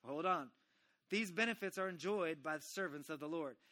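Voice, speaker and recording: A man's voice: fairly high pitch, normal speed, sharp tone. A man preaching a sermon, telling a Bible story animatedly and voicing its characters.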